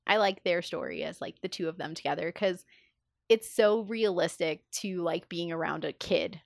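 A woman chats casually on a podcast, full of enthusiasm, packing her speech with fillers and acting out the lines she quotes. Her voice is fairly low and creaky, and she talks at a normal speed. The recording is dry and of studio quality.

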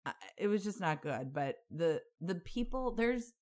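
A woman's voice: fairly low pitch, lively intonation, measured pace, darkish tone. A young woman co-hosting a podcast, telling stories in a blunt, sarcastic way and swearing freely. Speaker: podcast co-host. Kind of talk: casual storytelling chat.

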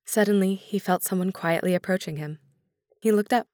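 A woman narrating a story in a measured, gentle reading. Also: mid-range voice, dry recording, studio quality.

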